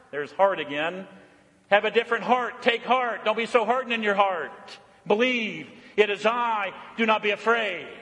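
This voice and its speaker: A man preaching a sermon, swinging between loud, emphatic declarations and soft, hushed tenderness, repeating phrases for emphasis. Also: high-pitched, in a large hall. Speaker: pastor. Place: church.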